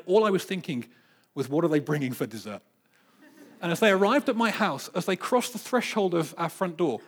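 A husky man preaches a sermon, rising into loud repeated bursts and then dropping to a near hush. His voice sits a little high for a man and carries an easygoing storytelling pull. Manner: dynamic storyteller, swings from loud bursts to hushed asides. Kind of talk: sermon with personal stories.

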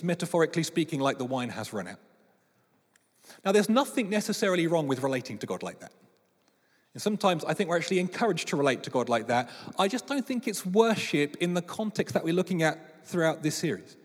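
A man, preaching a sermon with lively storytelling and playful voices. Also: a little high. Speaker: pastor. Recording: long reverb of a large hall.

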